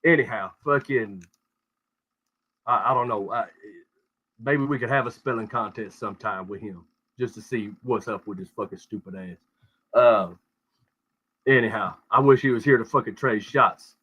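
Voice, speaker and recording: A man's voice: lowish voice, normal speed, pauses often, bright, forceful tone, slightly rough. A man hosting a show, ranting crudely and rambling with heavy swearing over call audio. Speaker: show host. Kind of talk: profane casual rant.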